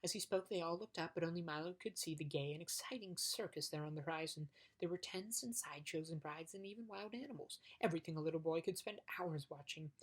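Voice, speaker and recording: A woman's voice: deep voice, fast talker, hardly any pauses, rough recording. A woman reading a storybook aloud as an audiobook, with occasional stumbles and restarts. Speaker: audiobook reader.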